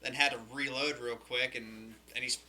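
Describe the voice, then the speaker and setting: Man, very bright sharp tone, animated storyteller, profane, casual podcast chat. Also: medium pitch, moderate pace. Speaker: podcast co-host.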